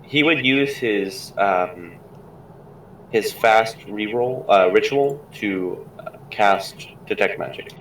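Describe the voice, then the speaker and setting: A man's voice: fairly low pitch, slow pace, roomy sound, recorded from a distance, a little hiss or hum, rough recording. A man playing in a tabletop game, asking hesitant questions full of uhs. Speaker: player.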